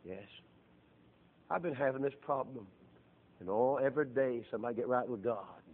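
A middle-aged man preaching a sermon, with fervent delivery that swells into loud, drawn-out emphasis. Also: medium pitch. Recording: tinny phone-like lo-fi sound.

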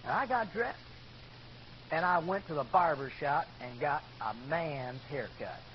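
A man preaching, telling his own conversion story as an animated testimony. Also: on the high side, a little slow. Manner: animated storyteller, bursts into loud shouts in quoted lines. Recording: dull lo-fi recording with faint noise.

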